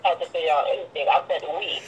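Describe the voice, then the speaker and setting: A woman's voice: low voice, quick pace, over a noisy crowd. A woman calling in to a show, talking in an emphatic, reassuring way. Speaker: caller. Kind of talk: casual phone call-in talk. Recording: dull phone-line sound, faint hiss.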